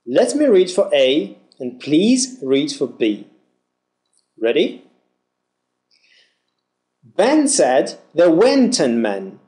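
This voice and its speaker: Slow, lively male pronunciation teacher. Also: a little high. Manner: clear, deliberate word-by-word modelling. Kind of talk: slow drilled pronunciation lesson.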